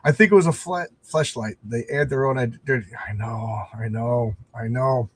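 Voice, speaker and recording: A man's voice: medium pitch, normal speed, a little hiss or hum. A man hosting a casual livestream, chatting in a rambling, self-deprecating way with frequent restarts. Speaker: comic book creator and livestream host.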